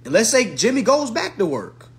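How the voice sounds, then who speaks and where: A man giving an emphatic, casual rant to camera, swearing and swinging from hushed to loud. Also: high voice, wildly swooping pitch, normal speed. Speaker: vlogger.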